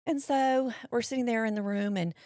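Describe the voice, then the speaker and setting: A woman's voice: a little high, moderate pace, no echo, studio quality. A middle-aged woman, a guest telling a personal story in an interview, acting out what people said to her. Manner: animated storyteller acting out quotes, drawling voices.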